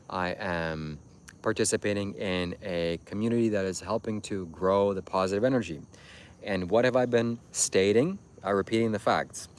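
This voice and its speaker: Addressing his chat during a livestream, this man with a voice on the low side keeps preaching, insisting and repeating himself. Slight background noise is audible.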